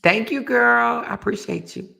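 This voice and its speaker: A middle-aged woman, hosting a casual live stream and telling a story, acting out quoted voices with sudden high jumps. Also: normal speed, gravelly. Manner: animated storyteller, acts out quoted voices with big pitch jumps. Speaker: host of a live relationship talk show.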